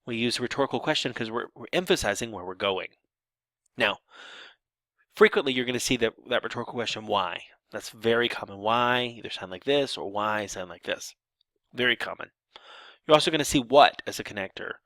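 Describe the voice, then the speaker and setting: A man's voice: medium pitch, brisk, fairly bright tone, dry recording. A man teaching sign language grammar in a lecture, explaining step by step with fillers and restarts and acting out example sentences.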